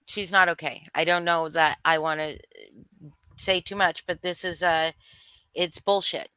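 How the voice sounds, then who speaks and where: Bright-voiced woman ranting on a livestream. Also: lowish voice, fairly even intonation, measured pace, clear, resonant tone, dry recording. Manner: blunt, swearing, greeting chat viewers. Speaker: livestream host. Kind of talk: heated livestream commentary.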